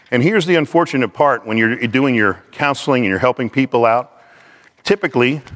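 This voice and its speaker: A man teaching a class in an animated way, acting out the people he quotes. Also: mid-range voice. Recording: long hall reverb.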